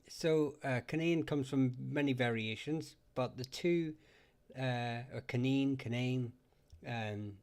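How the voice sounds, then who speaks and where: A man's voice: medium pitch, a little mellow. A man with a Northern Irish accent hosting a casual live chat, rambling and laughing often as he talks. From Northern Ireland. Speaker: livestream host.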